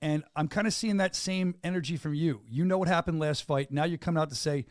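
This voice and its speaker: Fast-talking upbeat male podcast host. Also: a little high, dry recording, clean studio sound. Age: adult with two children. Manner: upbeat hype-man talk, quick and repetitive. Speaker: podcast host and fight announcer. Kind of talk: casual interview chat.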